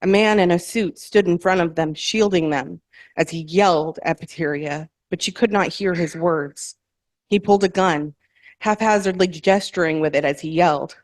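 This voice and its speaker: A woman at an open mic, reading her own novel aloud in a measured, careful way and correcting small slips as she goes. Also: lowish voice, no echo. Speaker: featured author at an open mic. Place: performance hall, in person.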